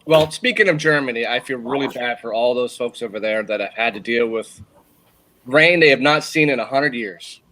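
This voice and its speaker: A man's voice: medium pitch, normal speed, sharp tone, a little hiss or hum, rough recording. A man chatting casually in a group video call, earnest and a bit hesitant, searching for words.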